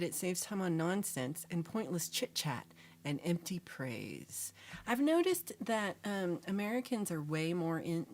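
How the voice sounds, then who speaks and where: Chatty, lively-voiced woman livestream host. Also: low-pitched. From Texas. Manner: chatty and animated, often dropping to a whisper. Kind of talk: casual livestream chat reading viewer comments.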